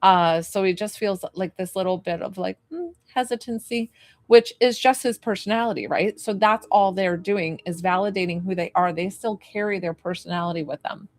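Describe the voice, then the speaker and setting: A woman psychic medium talks through a spirit reading in a loose, wandering way, full of "like" and questions aimed at the client. Her pitch sits at an ordinary middle height. The sound is dry and close, with no room around it. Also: normal speed, no room sound. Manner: rambling and tentative, full of "like" and questions to the sitter; gently reassuring when she relays comfort.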